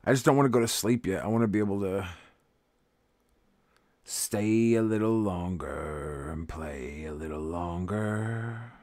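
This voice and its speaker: Tired, rambling male streamer with a low voice. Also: a little slow, darkish tone, no echo. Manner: rambling, self-mocking, swearing. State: tired and grumpy. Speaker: live streamer. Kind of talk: casual livestream chat.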